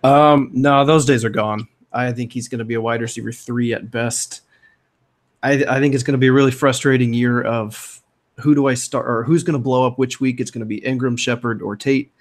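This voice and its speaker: A man gives blunt, measured sports takes in a casual chat. His voice sits at an ordinary pitch and he keeps it even. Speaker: podcast co-host.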